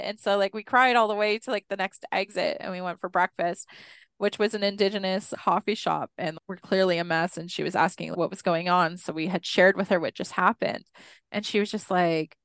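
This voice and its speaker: A young adult woman telling a personal story in a podcast interview, animated and acting out the dialogue she quotes. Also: medium pitch, brisk, clear, resonant tone, no echo. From Canada, Six Nations Mohawk community. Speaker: guest, Indigenous educator.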